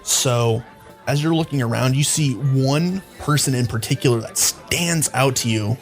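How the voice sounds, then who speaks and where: Man, dungeon master, casual tabletop narration, gravelly, mid-pitched. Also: a little slow, faint music behind. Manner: casual, loose, many fillers.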